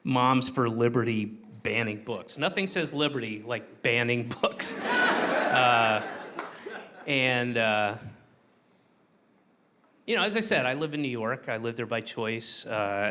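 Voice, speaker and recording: A man's voice: medium pitch, bright, forceful tone. A man doing stand-up, telling a rambling, self-mocking story full of swearing, with a live audience. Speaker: stand-up comedian. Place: stage before a laughing audience. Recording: live stage recording with audience noise.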